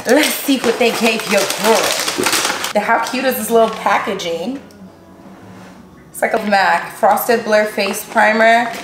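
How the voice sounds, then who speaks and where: A woman, chatting excitedly to viewers while unboxing gifts at home, gasping and gushing as she goes. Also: medium pitch. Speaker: vlogger. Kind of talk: casual unboxing vlog. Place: room at home. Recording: echoey room with background noise.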